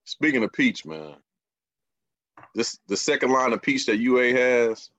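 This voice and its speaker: A man hosts a relaxed beer podcast in a loose, rambling way, often circling back over his words. His voice comes through a muffled, dry recording with no room sound. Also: mid-range voice, a little slow, no room sound. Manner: laid-back, rambling with repeats. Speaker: podcast host. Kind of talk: casual chat.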